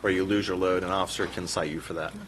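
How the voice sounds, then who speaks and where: A man's voice: low-pitched, fairly even intonation, fast talker, background noise. A man answering council questions in brief, deferential replies, heard from some distance.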